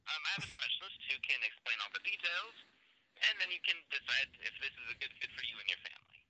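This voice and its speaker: A man's voice as an automated telemarketing caller, reading a polite scripted pitch over a phone line. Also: very animated, quick pace, bright, forceful tone, full character voice. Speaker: telemarketing robocall voice. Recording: tinny phone line recording.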